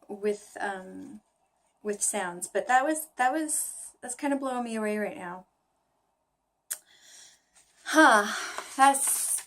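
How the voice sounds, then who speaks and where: A woman speaks in a casual, thinking-aloud vlog, sounding tired as she muses over her study. She pauses, restarts and questions herself often. Her voice sits at a middle pitch. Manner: musing, self-questioning, halting with fillers. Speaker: language learner vlogger.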